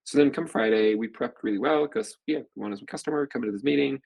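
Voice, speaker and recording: Fast-talking gravelly man telling a story. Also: medium pitch, darkish tone. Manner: rambling storyteller with constant "like" fillers. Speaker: guest, venture capital partner. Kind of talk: casual storytelling interview.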